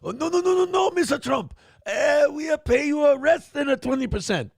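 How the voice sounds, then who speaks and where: A man doing a flustered male negotiator who pleads in a squeaky voice, jumping far above his own pitch. It comes out loud and almost shouted, with a dry, close sound. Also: animated, moderate pace, vocal fry, no room sound, full character voice. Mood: pleading.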